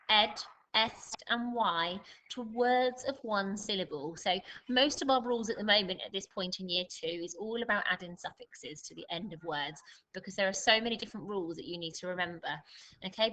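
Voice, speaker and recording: A woman teaching a recorded spelling lesson to young children, with a patient, deliberate way of explaining. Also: medium pitch, bright, forceful tone, low-quality recording. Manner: slow, deliberate dictation with clear emphasis. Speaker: primary school teacher.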